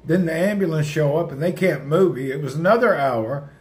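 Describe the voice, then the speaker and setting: A man chatting casually on a livestream, rambling and answering his viewers' comments out loud. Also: fairly high pitch, fairly quick.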